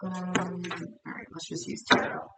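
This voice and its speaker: A woman's voice: fairly low pitch, completely flat delivery, a little slow. A woman giving a tarot card reading in a blunt, chatty way, often repeating herself. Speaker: tarot reader. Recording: roomy echo, distant mic, faint noise.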